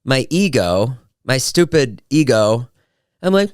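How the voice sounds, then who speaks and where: Man, 50s, podcast host: animated, chatty and self-deprecating, smooth voice. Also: mid-range voice, moderate pace, no echo, studio quality. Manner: chatty and self-mocking, with playful voice swings. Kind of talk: casual solo podcast chat.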